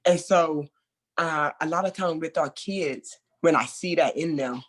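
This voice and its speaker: A speaker leading a mentor training session in a conversational way, acting out remembered quotes loudly and laughing between points. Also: medium pitch, unhurried.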